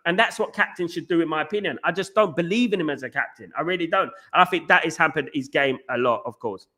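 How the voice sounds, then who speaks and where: Fast-talking man, bright and animated. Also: a little high. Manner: rapid, animated, repeats himself, lots of fillers. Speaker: podcast host reading live chat. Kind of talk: casual live-stream chat.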